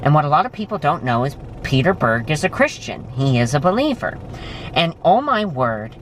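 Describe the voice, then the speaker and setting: Animated young man telling stories. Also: a little hiss or hum. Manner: animated storytelling, jumps high when excited. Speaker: vlogger. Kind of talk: casual chat. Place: restaurant, indoors.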